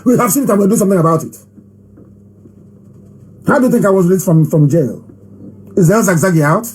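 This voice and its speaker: A man giving an impassioned live broadcast address, emphatic and repetitive, hammering phrases with long pauses. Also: sits high, husky, low-quality recording. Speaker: movement leader hosting a live broadcast.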